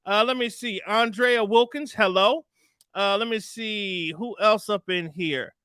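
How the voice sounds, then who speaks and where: A man's voice: high voice, a little slow, sharp tone, clear, resonant tone, no room sound, studio quality. A man hosting a casual live stream, chatting with guests and greeting viewers by name in a laid-back, slangy way. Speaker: livestream host.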